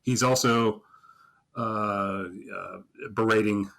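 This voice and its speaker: Low, bright-toned laid-back male podcast host. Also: steady tone, slow pace, vocal fry. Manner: laid-back, wry asides. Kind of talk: casual sketch review chat.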